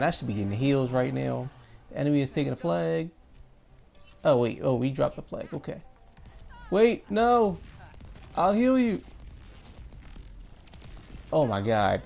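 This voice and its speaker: A young man giving excitable gameplay commentary, often repeating himself. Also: medium pitch, gravelly. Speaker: gaming YouTuber.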